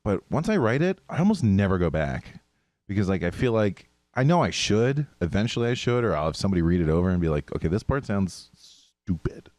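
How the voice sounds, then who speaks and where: Low-voiced podcast dude, bouncy tone, laughs a lot, real dry sound. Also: male voice, quick pace, no echo. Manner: animated storyteller, laughs often. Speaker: podcast co-host. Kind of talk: casual chat.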